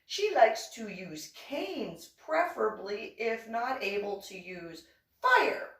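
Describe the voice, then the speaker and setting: A woman's voice: fairly high pitch, takes it slowly. Giggly woman telling stories in an echoey room. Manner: giggly, chatty, animated. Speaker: reverend sharing stories. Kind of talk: casual storytelling. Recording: echoey room, distant from mic.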